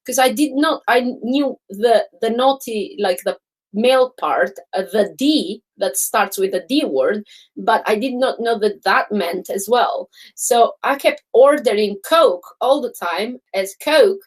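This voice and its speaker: Woman, live stream co-host, casual chat, animated storyteller, higher voice. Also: a little slow, low-quality recording. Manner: animated storyteller who acts out other people's voices; laughs often.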